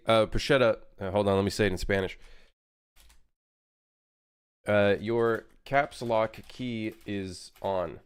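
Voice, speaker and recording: A man's voice: lowish voice, clear, resonant tone, no echo, studio quality. A young man, a native French speaker, casually chatting with his live-stream audience while building a game level, joking and rambling as he answers chat.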